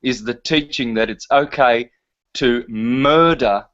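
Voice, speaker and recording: A man's voice: medium pitch, slow pace, fairly bright tone. A man talking in a casual chat, emphatic and preachy in manner. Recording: dull lo-fi sound.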